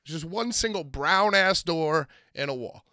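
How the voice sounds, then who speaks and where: A man chats on a podcast with a high, swooping voice that rises and falls a lot. His tone is bright and forward, and his animated storytelling keeps jumping into acted-out quotes. The sound is dry and close. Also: measured pace, dry recording. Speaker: podcast co-host. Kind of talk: casual podcast chat.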